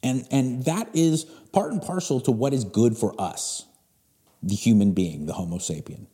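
A man's voice: medium pitch, expressive, moderate pace, mellow. A man in his forties hosting a podcast, giving a blunt, emphatic motivational talk and swearing freely. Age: 40s. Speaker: podcast host. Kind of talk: motivational monologue.

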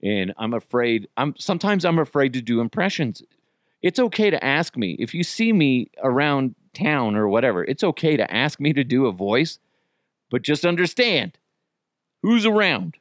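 A man hosting a comedy podcast, rambling through stories and swearing freely. His pitch jumps all over the place as he talks. He is recorded close and dry, with no room sound. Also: sing-song, moderate pace, no room sound. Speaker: podcast host. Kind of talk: casual comedic monologue.

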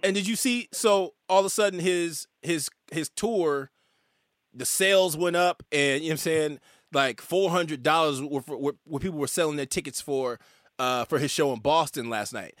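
A man's voice: on the high side, normal speed, a bit bright, no room sound, clean studio sound. A man hosting a casual interview, stumbling and restarting his questions. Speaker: podcast host.

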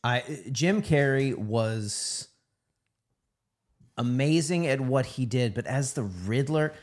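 A man's voice: mid-range voice, lively intonation, takes it slowly. A man co-hosting a casual movie podcast, asking questions and hesitating over his points. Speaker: podcast co-host. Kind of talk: casual movie review chat.

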